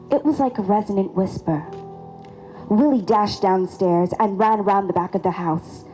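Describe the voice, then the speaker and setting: A woman narrates a local ghost legend at a lecture event in a measured, formal reading. Her voice is fairly low and mellow, with soft, dark edges. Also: low-quality recording. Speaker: storyteller.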